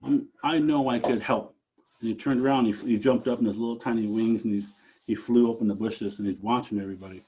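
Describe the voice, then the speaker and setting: A man from Alaska telling a traditional story aloud, animated, with dramatic rises and drops. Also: lowish voice, fast talker, husky, highs cut off.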